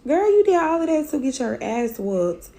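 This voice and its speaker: A hoarse mother, her voice worn out, recounting a fight in a blunt, emphatic, profane way. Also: sits high, very animated, moderate pace, mellow. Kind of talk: casual storytelling.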